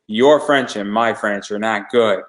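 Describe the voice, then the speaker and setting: A man's voice: lowish voice, measured pace, fairly bright tone, rough recording. A man hosting a casual interview, talking in a rambling, hesitant way with many restarts. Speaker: podcast host.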